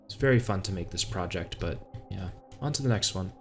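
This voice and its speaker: A man's voice: low-pitched, expressive, brisk, faint music behind. Laid-back young man swearing over gameplay. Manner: laid-back, rambling, swears and laughs at own old work. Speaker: indie game developer. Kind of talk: casual commentary over gameplay.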